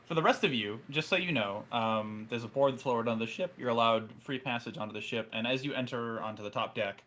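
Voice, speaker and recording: A man's voice: mid-range voice, fairly quick, fairly bright tone, a little hiss or hum. A man narrating as game master in a tabletop role-playing session, in a casual, filler-heavy way.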